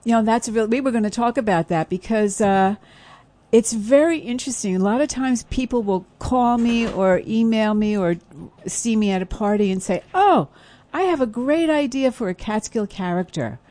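A woman's voice: on the high side, moderate pace, mellow, no room sound. A chatty woman telling stories in a casual radio conversation. She laughs easily and talks in a friendly, rambling way. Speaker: radio show host, guest. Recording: broadcast radio studio.

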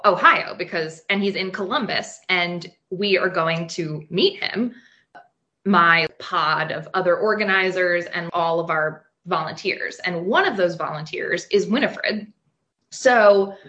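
Speaking in a lowish, sharp voice on a lo-fi recording, a woman from New York chats through a story as an interview guest. She uses lots of fillers and slips little laughs into her lines while telling the anecdote.

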